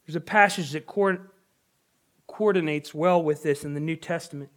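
Young male pastor, fairly high voice, earnest conversational preaching. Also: moderate pace. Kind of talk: sermon.

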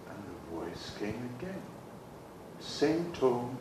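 Man, lowish voice, very unhurried, reflective storyteller, echoey room. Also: animated, background noise. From Jamaica. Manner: soft-spoken, musing, with chuckles and self-mockery.

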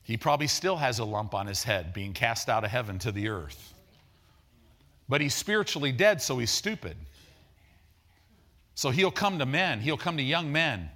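An older male preacher in his sixties delivers a sermon with a keen, bright tone. His pitch rises and falls freely as he drives his points home. He is conversational and emphatic, slipping easily into stories. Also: moderate pace, pauses often. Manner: animated storytelling, emphatic and conversational.

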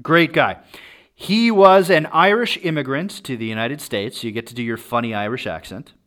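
A man's voice: mid-range voice, brisk, a bit bright. A man hosting a podcast, telling a true-crime story in a casual, chatty way and often checking in with "right?".

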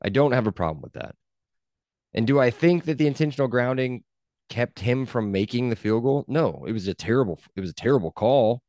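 A man's voice: medium pitch, lively intonation, fairly quick, a little mellow, no echo, clean studio sound. A man co-hosting a sports podcast, arguing his points in casual chat and repeating himself for emphasis. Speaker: podcast co-host.

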